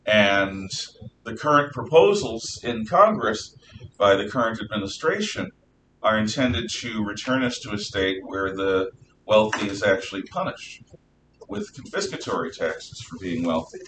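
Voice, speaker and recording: A man teaching a history class, lecturing in a lively, opinionated way and sometimes spelling words out slowly. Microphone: distant room mic. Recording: echoey classroom from far off with faint rumble.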